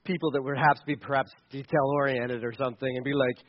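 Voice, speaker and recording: A man's voice: medium pitch, fairly even intonation, fast, dry recording, dull audio. A man giving sarcastic, exasperated comedic commentary on pictures, chuckling as he goes.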